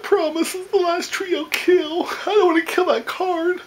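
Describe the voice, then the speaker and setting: A middle-aged woman playing an overblown, wailing fit of comic fake sobbing, high and breaking. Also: fairly even intonation, drawn-out words, full character voice.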